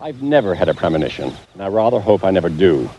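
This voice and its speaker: A man presenting a documentary, telling a story in a measured, deliberate way. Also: sits low, sing-song, mellow, dull audio, soft background music. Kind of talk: scripted documentary narration.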